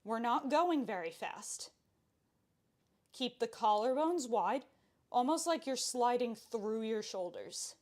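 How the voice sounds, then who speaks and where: A woman's voice: on the high side, lively intonation, slow pace. Chatty young woman leading a pilates class. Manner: chatty and playful, counts reps aloud, laughs often. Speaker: pilates instructor. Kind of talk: live workout instruction.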